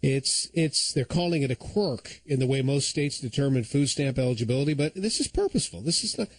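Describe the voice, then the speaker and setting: A man's voice: mid-range voice, expressive, brisk, dry recording, rough recording. A man filling in as host of a talk radio show, telling stories and giving opinions in a conversational monologue on a studio microphone.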